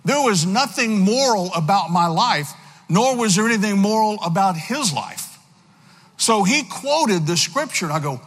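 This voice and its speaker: A man giving a personal testimony in a church, telling his story earnestly with halting restarts. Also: high-pitched, animated, a bit bright. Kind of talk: sermon testimony. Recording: long hall reverb.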